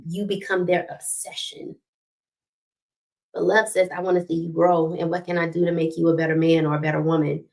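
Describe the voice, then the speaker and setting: A woman's voice: lowish voice, flat delivery, fairly quick, gravelly, darkish tone. A middle-aged woman hosting a relationship talk, preaching with faith references, repeating key points and asking "right?" often. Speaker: host of a relationship talk stream.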